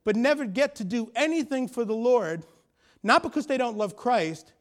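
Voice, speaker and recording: A middle-aged man preaching a sermon, telling a personal story and rising to loud, emphatic peaks. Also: very high voice, lively intonation, moderate pace. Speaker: pastor.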